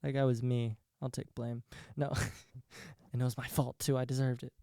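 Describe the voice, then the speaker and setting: A man's voice: medium pitch, flat delivery, normal speed, vocal fry, warm tone, no room sound. Young man, solo podcast host, rambling monologue, profane, laughs at own jokes, resonant voice, dry close sound.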